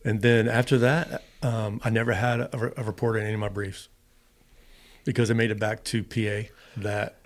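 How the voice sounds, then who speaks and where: A man's voice: lowish voice, moderate pace. A middle-aged man, a former fighter pilot, telling stories in an interview and acting out what people said. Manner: animated, acts out quotes with emphasis. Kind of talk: storytelling interview.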